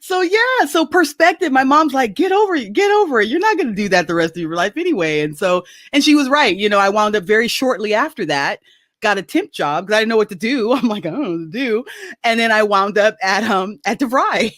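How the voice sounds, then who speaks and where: A woman's voice: mid-range voice, lively intonation, brisk, fairly bright tone, no room sound, clean studio sound. A woman telling a story in casual chat on a video call. She talks animatedly, laughs often and acts out the quoted voices. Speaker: guest.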